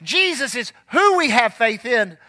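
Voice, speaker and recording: High, bright-voiced preaching man. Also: big pitch swings, no room sound. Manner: emphatic preaching with slowed scripture reading. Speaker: pastor. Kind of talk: sermon.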